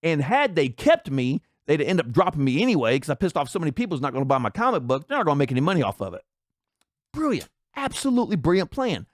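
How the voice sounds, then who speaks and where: A man's voice: on the high side, big pitch swings, rapid-fire, hardly any pauses, dry recording. Indignant male commentator with a mocking edge, a raised voice that swings up and down, recorded dry. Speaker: commentary channel host. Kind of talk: ranting commentary.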